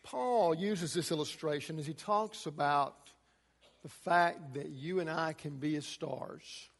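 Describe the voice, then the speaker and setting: A man's voice: on the high side, unhurried, gravelly, in a large hall. A man preaching a sermon to a congregation, emphatic, his delivery rising and falling. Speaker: pastor.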